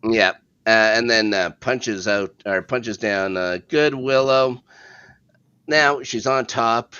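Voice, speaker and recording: A man's voice: mid-range voice, takes it slowly, sharp tone, clean tone, dry recording. Man, podcast co-host, casual recap, rambling, chuckling, dull lo-fi sound. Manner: laid-back, chuckling, rambling with frequent hesitations. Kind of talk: casual episode recap chat.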